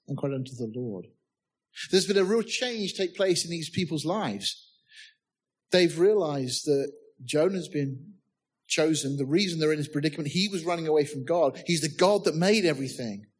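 Husky-voiced man preaching a sermon. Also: fairly high pitch. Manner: preaches with humor and rhetorical questions; reads scripture aloud in old-fashioned wording. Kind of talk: sermon with Bible reading.

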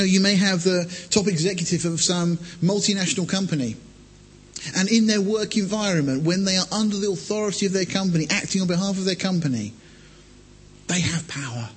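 A man preaches in a measured, expository way, reading scripture and then unpacking it. His voice sits a little high and sounds husky. Long reverb from a hall trails each phrase.

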